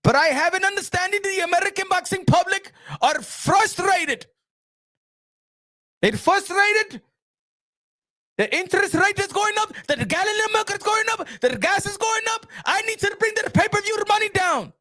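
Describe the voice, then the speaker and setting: A man doing an impression of a boastful, rich male boxing promoter, shouting and swearing in exasperation. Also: extremely high pitch, expressive, moderate pace, voice pushed up, heavily acted. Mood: indignant.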